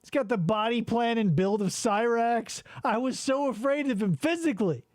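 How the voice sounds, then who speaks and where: High-voiced, profane male podcast host. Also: normal speed, darkish tone, no room sound, studio quality. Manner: profane, rambling, sardonic. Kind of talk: casual chat.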